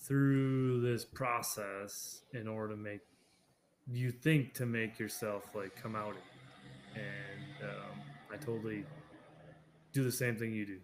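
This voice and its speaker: A man's voice: medium pitch, slight background noise. A man co-hosting a podcast, chatting casually and teasing his co-host. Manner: laughs easily, teasing. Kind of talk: casual conversation.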